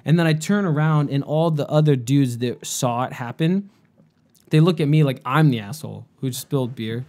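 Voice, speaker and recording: A man's voice: on the high side, fairly quick, a little mellow. A young man and podcast host telling a story in casual chat, rambling and profane, with lots of "like".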